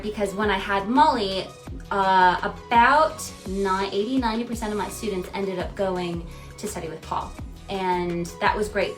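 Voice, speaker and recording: A woman who teaches music, telling stories about her teaching in a casual, lively way, often laughing and restarting her sentences. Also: medium pitch, low-quality recording. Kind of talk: casual personal storytelling.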